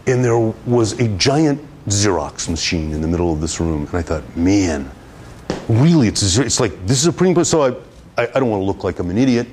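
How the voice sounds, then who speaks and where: A man giving a guest lecture on public relations to students, telling an animated anecdote in a classroom and often repeating and restarting his words. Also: on the low side.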